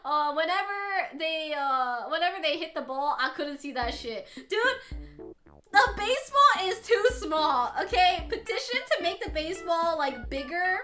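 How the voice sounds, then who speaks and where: A woman's voice: very high-pitched, lively intonation, unhurried, bright, forceful tone, soft background music. A young adult woman streaming, chatting casually with viewers, laughing often and swearing freely.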